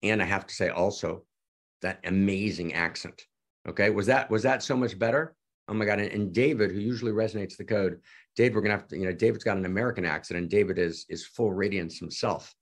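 An effusive man hosting an online gathering over a video call, talking excitedly with frequent repeats and restarts. His voice is low, gravelly and husky. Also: fast. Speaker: teacher and host of an online gathering. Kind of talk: excited spontaneous talk to an audience.

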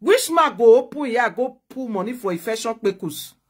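A woman's voice: on the high side, expressive, normal speed, slightly rough. A woman speaking Nigerian Pidgin, a talk show host in a heated casual chat, brash and scolding, repeating her points.

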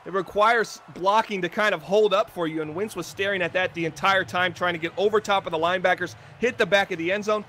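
A man's voice: high-pitched, fairly even intonation, fast talker, few pauses, bright, forceful tone, a little hiss or hum. A man giving chatty, analytical color commentary on a video game football broadcast. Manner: analytical, chatty, self-deprecating.

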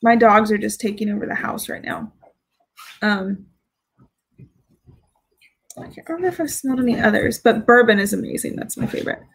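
A woman's voice: medium pitch, expressive, normal speed, vocal fry, long pauses, slightly rough, low-quality recording. A woman chatting casually on a live stream as she reviews fragrances, giggling and reading out viewer comments. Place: home with dogs.

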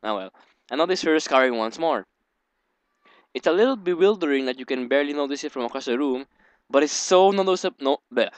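A young man hosting a let's play, reading a visual novel aloud and breaking off into rambling, giggly asides. His voice is smooth and clean, and it sits right at a dry desk microphone with no room sound. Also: fairly high pitch, animated, brisk, no echo.

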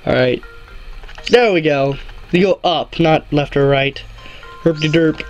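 A male let's play host gives casual gameplay commentary, rambling loosely, cracking small jokes, and correcting himself mid-sentence. His voice is a little higher than most men's and moves at a measured pace over quiet game music, in a low-quality recording.

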